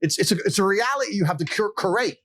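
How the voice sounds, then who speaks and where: A podcast guest with a high-sitting voice rattles off stories at a quick pace. He's animated and casual, swearing bluntly, bragging freely, and laughing as each story unfolds.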